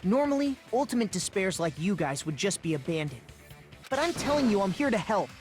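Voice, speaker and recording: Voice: mid-range voice, very animated, a little fast, over music, close to an everyday voice. A voice actor playing a young impostor who insists that everyone trust him, in a game. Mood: insistent.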